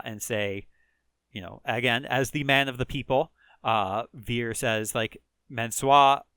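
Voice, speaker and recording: A Chicago-accented man recaps a wrestling video game as a laid-back let's play host, rambling with plenty of fillers and chuckles. His mid-range voice has a fairly bright tone, and the recording is dry.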